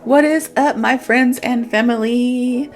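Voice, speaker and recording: A woman's voice: a little high, fairly even intonation, slow, faint music behind. A young woman teaching English in a casual, chatty video lesson, self-aware and full of "so" and "like". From United States. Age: young adult.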